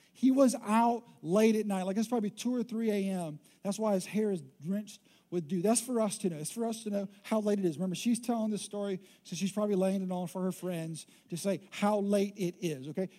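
A preacher delivers a sermon in a loose, joking, conversational way. The voice is mellow and warm, sitting at a middle pitch. The delivery is animated and chatty.

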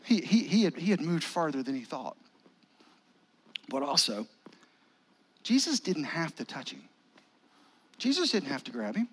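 A male pastor, preaching a sermon in a conversational style with dramatic pauses and near-whispers. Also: on the high side, sing-song, fairly bright tone, slightly rough.

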